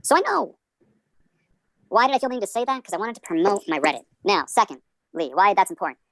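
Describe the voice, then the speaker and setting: A man's voice: high voice, big pitch swings, racing, a bit bright, dry recording. A male comedian in his twenties hosting a podcast, rambling through tangents in a self-deprecating way.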